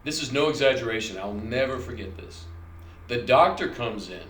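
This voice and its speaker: A middle-aged man recounts a personal story in a loose, conversational monologue, often stopping to correct himself. His voice sits at an ordinary pitch for a man. The recording is echoey, with a faint hum of room ambience behind him. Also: animated, normal speed, a bit bright. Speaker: channel host.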